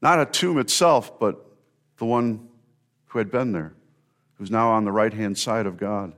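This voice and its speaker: A man's voice: lowish voice, fairly bright tone. Earnest man preaching an Easter sermon. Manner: earnest storytelling with rising emphasis and pauses. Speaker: pastor.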